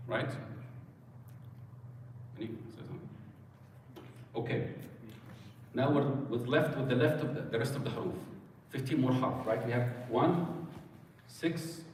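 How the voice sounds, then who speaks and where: Man teaching a recitation class, heard from far off in a big echoing hall, even mid-range pitch. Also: measured pace, long pauses, a little hiss or hum. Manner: patient, asks students questions. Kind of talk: classroom lesson. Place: mosque hall. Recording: echoey hall, mic far off.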